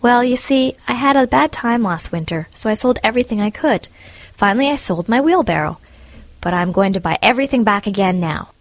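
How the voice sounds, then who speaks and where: A woman's voice: fairly high pitch, lively intonation, brisk, no room sound, pitched above the performer's own voice. A woman voicing a kind, cheerful and forgiving little man in a storybook reading, speaking in an eager, polite and humble way.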